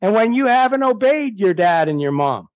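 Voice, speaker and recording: A man's voice: high voice, big pitch swings, normal speed, no echo. A man preaching an evangelistic sermon, reading Bible verses aloud and pressing his listeners with indignant rhetorical questions.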